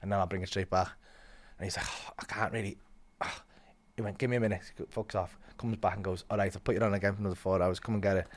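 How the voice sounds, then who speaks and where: A man telling a story as a comedian guest, swearing a lot and acting out quotes with big swings in loudness. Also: deep voice, fairly even intonation, rapid-fire. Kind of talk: animated storytelling.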